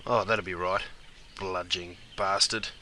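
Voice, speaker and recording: A man's voice: sits low, fairly even intonation, measured pace, bright, forceful tone, slight background noise, voice pushed down, exaggerated voice. A man playing a laid-back Australian bloke cooking a barbecue, with an Australian accent and matey banter. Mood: easygoing.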